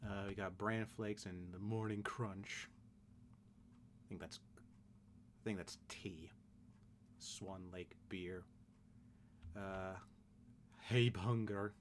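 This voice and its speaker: A man's voice: deep voice, steady tone, slow pace, long pauses, a little hiss or hum. A young man streaming a horror game, chatting casually in a rambling, jokey, self-deprecating way. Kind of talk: casual let's play commentary.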